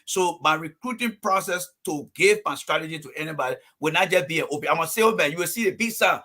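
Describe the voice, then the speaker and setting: A man's voice: on the high side, quick pace, few pauses, pushed and bright. A man from Liberia speaking on a call-in panel show, making his points emphatically and laying them out in numbered phases. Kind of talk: heated call-in panel talk.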